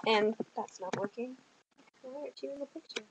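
A woman's voice: a little high, fairly quick, slight background noise, poor audio. A teenage girl with a Southern US accent, rambling casually on her vlog with lots of ums and giggles. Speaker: vlogger. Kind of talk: casual chat.

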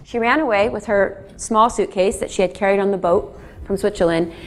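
A woman's voice: mid-range voice, fairly quick, slight background noise. A middle-aged woman author giving a lecture, telling family stories in a chatty way and often turning to the audience with asides. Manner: chatty, addresses audience directly, animated asides. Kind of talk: public lecture, storytelling.

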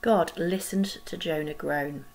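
A woman leads a school worship video, telling a Bible story to children. She speaks very slowly with a gravelly, creaky texture. The pauses between phrases are gentle and expressive. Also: sits low, low-quality recording. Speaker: school staff leading collective worship.

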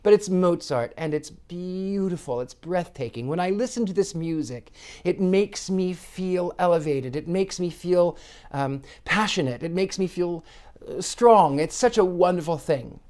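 A man's voice: high-pitched, lively intonation, measured pace, darkish tone. A man, a psychic, speaking earnestly in a reflective monologue, with frequent restarts. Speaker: psychic sharing personal reflections.

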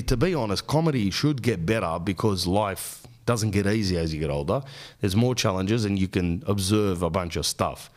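A man in his thirties with an Australian accent, telling rambling, profane comic stories as a podcast host. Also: on the low side. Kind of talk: casual comic monologue.

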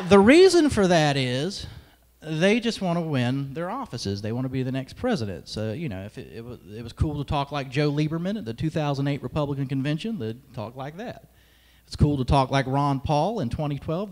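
A young man giving an emphatic political speech at a conference, with sarcastic asides. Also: fairly high pitch. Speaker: conference speaker, radio host. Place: large hall. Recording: long hall reverb.

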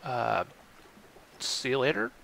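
Gravelly-voiced man swearing at a game. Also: mid-range voice, big pitch swings, takes it slowly, bright, forceful tone, slight background noise. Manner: exasperated, swearing often. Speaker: let's play host. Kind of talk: gameplay commentary.

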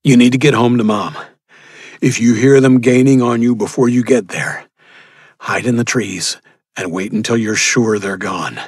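A man's voice: mid-range voice, moderate pace, slightly rough, no room sound, clean studio sound, voice pushed up, close to an everyday voice. A man voicing a father urging his son to run, commanding and tense. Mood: urgent. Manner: urgent, commanding. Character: determined grown father under threat.

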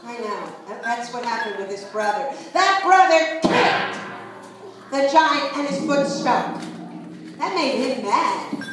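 A woman storyteller telling a folk tale live, animated and coaxing listeners to join in. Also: fairly high pitch, slow. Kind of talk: live participatory storytelling for children. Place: live performance space. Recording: echoey live room, far mic, instrument music.

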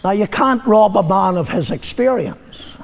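An older man preaching a sermon as a pastor, telling a story, moving between loud declarations and low, confiding passages. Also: animated, measured pace, a little hiss or hum. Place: church. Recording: long reverb of a church hall.

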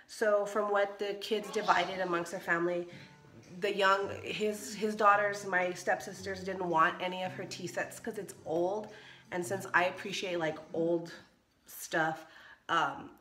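A woman's voice: mid-range voice, fairly bright tone. A young woman chatting casually in a show-and-tell home vlog, rambling with lots of fillers and restarts. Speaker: vlogger. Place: small kitchen at home. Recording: echoey home room.

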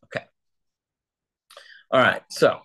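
A man's voice: takes it slowly, fairly bright tone. A man leading a casual Torah study, chatty and loose, who keeps checking in with his listeners.

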